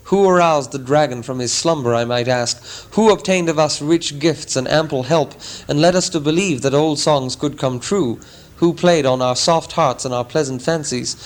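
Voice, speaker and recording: A man voicing a scheming, defensive old town master who speaks loud and rhetorical in a storybook reading. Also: medium pitch, normal speed, close to an everyday voice.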